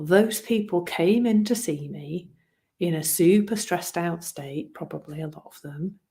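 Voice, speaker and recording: A woman's voice: lowish voice, gravelly. A woman coach talking reflectively about her past work, earnest and self-deprecating, often repeating words as she searches for the phrasing. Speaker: wellbeing coach. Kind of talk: reflective solo talk.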